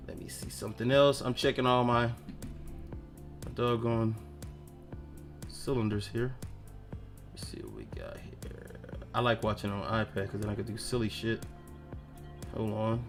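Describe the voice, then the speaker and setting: A male streamer chats casually on his live stream, his pitch bouncing up and down as he rambles. He swears now and then and mutters to himself while he clicks through his setup. Faint music and keyboard typing sit behind him. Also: lively intonation, normal speed, vocal fry, long pauses, fairly bright tone. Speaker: streamer hosting his own channel.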